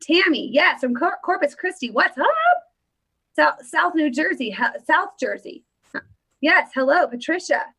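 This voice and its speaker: A woman's voice: sits high, lively intonation, a little slow, a bit bright, rough recording. A woman hosting a casual livestream, playfully greeting viewers by name as she chats. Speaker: livestream host.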